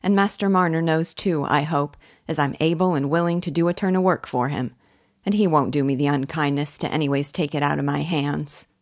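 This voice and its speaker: A woman's voice: low-pitched, fairly even intonation, a little fast. A woman voicing an eager, helpful young male gardener who talks in an earnest, rustic way.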